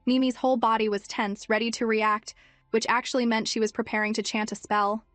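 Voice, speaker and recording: A woman narrates a story in a steady, scripted storytelling manner. Her voice sits a little high and is recorded close and dry, with soft background music. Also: fairly quick, no room sound.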